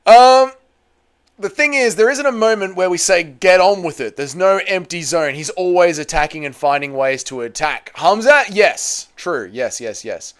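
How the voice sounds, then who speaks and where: A man's voice: sits high, lively intonation, moderate pace, fairly bright tone, clear, resonant tone. A man hosting a casual livestream, reading out chat messages and answering with crude, teasing banter. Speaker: livestream host.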